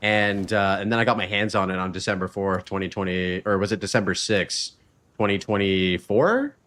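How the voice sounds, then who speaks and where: Hosting a live stream, a man chats loosely and swears freely while playing a game and talking about his podcast. His voice is low-pitched and fairly bright, at a normal speed.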